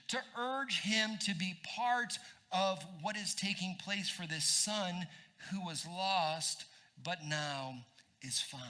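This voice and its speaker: A pastor preaches in church with a high, lively male voice. His tone is very bright and cutting, and he talks conversationally, throwing quick asides to the congregation. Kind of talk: sermon.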